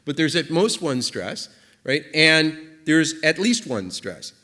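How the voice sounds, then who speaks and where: A man's voice: on the high side, sing-song, takes it slowly, bright, forceful tone. A man giving an invited academic conference talk, explaining ideas aloud in a loose, thinking-aloud way with frequent fillers and restarts. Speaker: invited speaker. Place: lecture hall. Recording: long reverb of a lecture hall.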